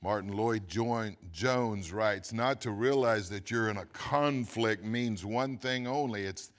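A man preaching a sermon as pastor, reading scripture slowly and swinging between loud emphatic lines and quiet asides. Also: fairly low pitch. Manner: reads scripture slowly with stress.

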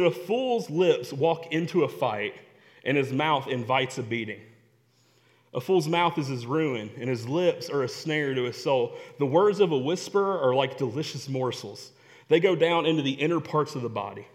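A young adult man preaching a sermon, telling stories and repeating phrases for emphasis. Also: fairly high pitch. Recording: long hall reverb.

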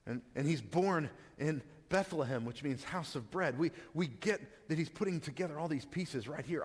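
A man's voice: a little high, normal speed, hardly any pauses, husky. Man preaching conversationally in a reverberant hall. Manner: conversational, with frequent stammered restarts. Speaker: pastor. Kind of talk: sermon.

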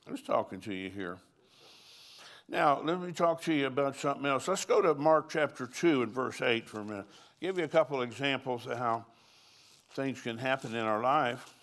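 An older, folksy pastor delivers a conference sermon full of anecdotes, chuckling between lines as he tells stories. He speaks with a medium-pitched, slightly bright voice.

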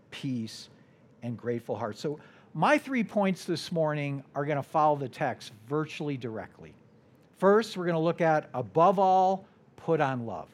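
Slow, lively American preacher. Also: male voice. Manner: deliberate, drops to a soft low voice at phrase ends. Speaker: guest preacher. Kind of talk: sermon.

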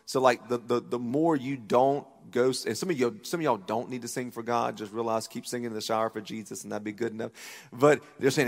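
A man preaching a sermon as pastor, animated, acting out voices as he retells a story. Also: medium pitch, fairly quick, long reverb tail. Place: church auditorium.

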